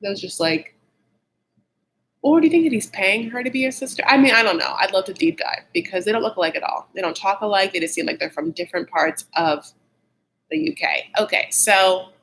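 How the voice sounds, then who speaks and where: In poor audio, a man with a sharp tone and lively intonation gives a fairly quick, gossipy recap of a TV show. He's blunt, catty and opinionated, says "like" constantly, and his pitch shifts a lot as he gets worked up.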